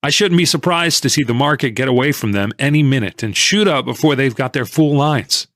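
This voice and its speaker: A man voicing an excitable, pushy male stock tipster in an audiobook, pressing his point insistently. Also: medium pitch, a little fast, dry recording, natural voice.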